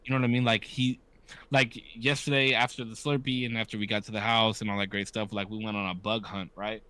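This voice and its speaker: This is a man in his thirties whose voice sits fairly low. He speaks in casual podcast chat, candid and profane. He often acts out the voices of people he quotes. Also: little pitch movement, brisk, bright, forceful tone, no room sound. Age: 30s. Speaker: podcast co-host.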